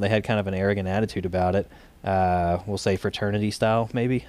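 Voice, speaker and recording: Low-voiced man telling a story. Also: steady tone, fairly quick, darkish tone. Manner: talks in loose runs with frequent fillers and restarts. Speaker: guest, state director of a gun rights group. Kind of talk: casual interview storytelling.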